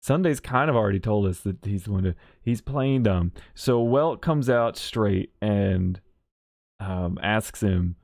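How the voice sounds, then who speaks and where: A man giving casual, rambling commentary on a game's story, talking quickly and restarting his sentences. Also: on the low side, lively intonation, gravelly, a little mellow, no room sound, clean studio sound. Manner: rambling, quick, with many restarts and self-corrections. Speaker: streamer.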